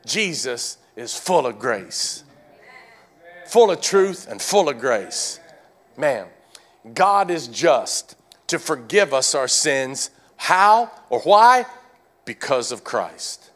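High, animated preaching man. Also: takes it slowly. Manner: exhorting, repeats phrases, calls on the congregation to respond; swings between shouting and hushed lines. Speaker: pastor. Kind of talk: sermon.

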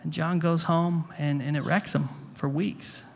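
Man preaching in a higher voice. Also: steady tone, measured pace, creaky, a little hiss or hum. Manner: conversational, repeats words, asks the room questions. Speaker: pastor. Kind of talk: sermon. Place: church hall before a congregation.

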